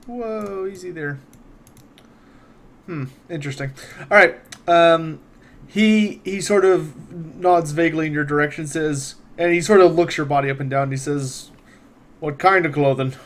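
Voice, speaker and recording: Guy running a tabletop game, laid back, lots of uhs, slightly high voice. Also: unhurried. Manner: relaxed, with frequent fillers. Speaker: game master.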